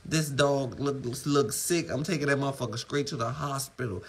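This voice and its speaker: A man's voice: mid-range voice, normal speed, husky, low-quality recording. A man on a live phone stream, talking loosely with lots of profanity while his dogs are around. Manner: loose, profane street talk. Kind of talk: casual live-stream talk.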